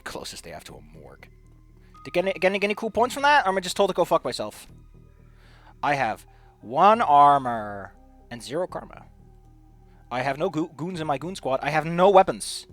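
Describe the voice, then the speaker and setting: A man streaming a game, reading its narration aloud and chatting in a lively, self-mocking way. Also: sits high. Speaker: streamer playing a video game.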